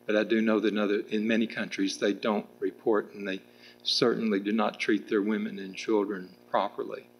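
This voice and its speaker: Low gravelly middle-aged guy at a debate, lots of restarts and uh's. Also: flat delivery, a little fast, lo-fi sound. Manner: rambling, frequent restarts and fillers. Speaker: political candidate in a debate. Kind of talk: public debate answer. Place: public meeting room with audience.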